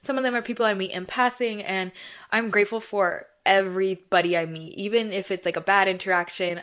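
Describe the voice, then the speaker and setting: A woman's voice: fairly low pitch, fairly bright tone. A young woman hosting her own podcast, talking in a casual, effusive way with lots of "like" and "you know" fillers. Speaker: podcast host. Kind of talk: casual solo podcast chat.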